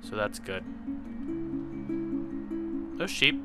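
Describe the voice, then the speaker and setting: A man giving casual let's-play commentary with mumbled, offhand asides, over loud background music. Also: fairly low pitch, big pitch swings, very slow. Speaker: gaming video host.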